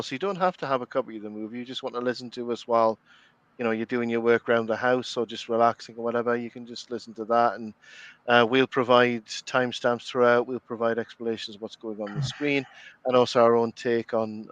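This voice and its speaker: A man's voice: mid-range voice, fairly bright tone, no echo, lo-fi sound. A middle-aged Geordie man from the North East of England hosting a casual commentary chat, chatty, with many fillers and restarts and frequent laughs. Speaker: commentary podcast host.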